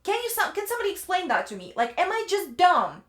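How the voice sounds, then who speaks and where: A woman's voice: very high-pitched, very animated, fast talker, fairly bright tone, echoey room. A woman giving a casual, ranting book review, chatty and exasperated, leaning on "like" a lot. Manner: exasperated, chatty, fills speech with "like".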